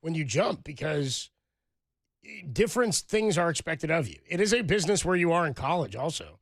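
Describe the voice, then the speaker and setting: A man co-hosting a sports radio show, talking in a loose, joking way in a high, gravelly voice. The sound is dry and close, from a studio mic. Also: very animated, moderate pace, no room sound. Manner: laughs often, loose and joking. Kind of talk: casual sports talk.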